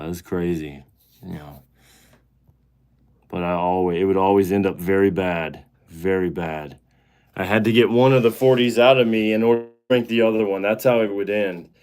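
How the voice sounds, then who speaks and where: Guy in his 30s ranting on a live stream, cussing a lot, kinda low voice. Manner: blunt and profane, excitable. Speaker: show host. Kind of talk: casual live-stream chat.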